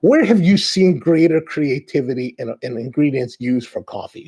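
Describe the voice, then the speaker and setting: A man hosting a coffee show, chatting with viewers and telling animated stories. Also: mid-range voice, moderate pace, slightly rough. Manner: animated storytelling, acts out quoted exchanges. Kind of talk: live-stream chat with viewers.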